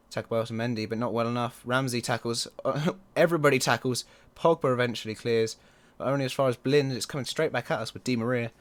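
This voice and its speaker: Excitable man yelling at a football game. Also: lowish voice, smooth. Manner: excitable, groans and yells at the match. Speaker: video game commentator. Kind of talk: let's play commentary.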